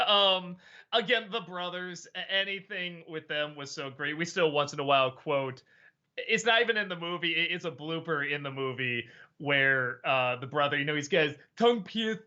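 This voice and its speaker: Bright-voiced man chatting on a stream. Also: on the high side, muffled recording. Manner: chatty, stammering, quick laughs. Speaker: host. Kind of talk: casual live-stream chat.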